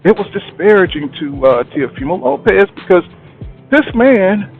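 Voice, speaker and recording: A man's voice: high-pitched, very animated, moderate pace, vocal fry. A man giving a casual boxing commentary monologue, blunt and slangy, who keeps asking "you know what I'm saying". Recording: tinny phone-like sound, faint music.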